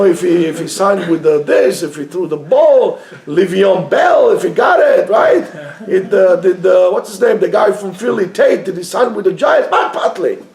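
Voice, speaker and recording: A man teaching a lively Torah class to students, joking and mixing in Hebrew phrases. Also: high-pitched, gravelly, roomy sound.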